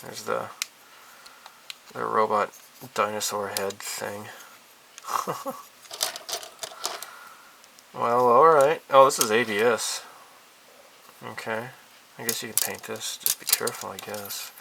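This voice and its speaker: A man's voice: lowish voice, lively intonation, moderate pace, vocal fry, noisy background. A man hosting a casual hobby vlog from a cluttered room at home, rambling and hesitant with many fillers. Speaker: hobby channel host. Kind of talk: casual monthly update vlog.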